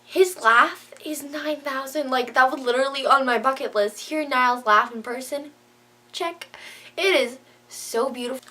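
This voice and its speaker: A woman's voice: on the high side, a bit bright. A woman vlogger chatting casually to camera, gushing and filling her talk with "like". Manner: gushing, says "like" a lot.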